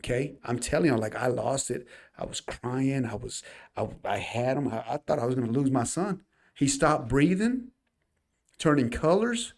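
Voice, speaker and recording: A man's voice: mid-range voice, lively intonation, normal speed, a little mellow. A man co-hosting a podcast, telling a personal story in casual chat, earnest and emphatic, often calling the listeners y'all. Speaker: podcast co-host.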